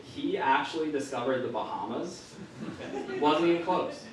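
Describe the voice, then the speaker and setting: Lively young man doing stand-up. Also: fairly high pitch, moderate pace, a little hiss or hum. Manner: punchy one-liners, deadpan delivery. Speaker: stand-up comedian. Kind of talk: stand-up comedy set. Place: comedy club stage. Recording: echoey club recorded from far off. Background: audience laughing.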